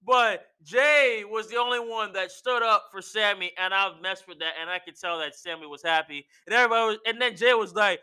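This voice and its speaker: A young man talks in an animated, slang-filled recap. His voice sits high and very bright. It is smooth and clear. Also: moderate pace. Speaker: wrestling recap vlogger. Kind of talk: casual excited recap.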